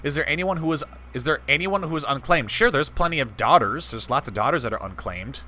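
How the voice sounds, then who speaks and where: A man's voice: fairly high pitch, expressive, fairly quick, pushed and bright. A man giving casual commentary on a strategy game, chatty, talking to his viewers and laughing easily. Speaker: gameplay host.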